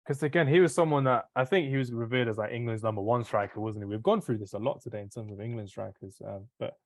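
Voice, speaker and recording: A man's voice: mid-range voice, dry recording. A man hosting a football podcast, chatty and full of questions. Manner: quick, chatty, asks questions. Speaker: podcast host. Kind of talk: casual chat.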